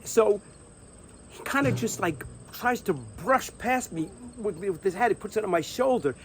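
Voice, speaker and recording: A middle-aged man spins a comic yarn in a slightly high voice, animated and salty, hammering phrases by repeating them. Faint crickets chirp behind him outdoors. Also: a little slow, slight background noise. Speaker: storyteller. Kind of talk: casual comic storytelling. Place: outdoors on a stoop.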